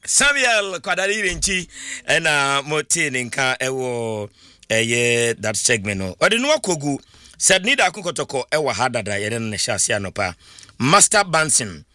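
A man with a Ghanaian accent co-hosts a casual sports talk show, mixing English and Twi. His voice is bright, and his pitch rises and falls a great deal as he chats. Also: big pitch swings, moderate pace, no room sound. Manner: chatty, backs up the host with short replies.

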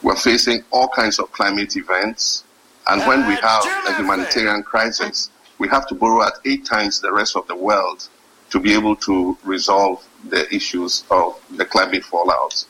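A man giving a formal speech as a head of state, measured and emphatic, slowing down to stress his points. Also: on the low side, steady tone, pushed and bright, rough recording.

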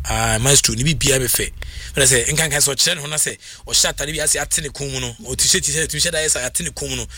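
A man talking football on sports radio, animated and full of halting restarts. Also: mid-range voice. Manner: animated, mixes Twi and English, halting restarts. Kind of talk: sports talk radio chat.

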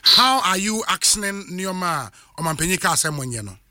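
A Ghanaian radio host presses his guest with probing questions, switching between languages. His voice is high and very bright, almost sharp. The recording is dry and close. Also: lively intonation, fairly quick, no room sound. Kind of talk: radio interview.

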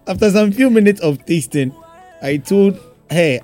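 A man reads listener messages aloud in a casual chat, his pitch lively and animated. Faint music runs beneath him. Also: measured pace. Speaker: co-host reading listener messages.

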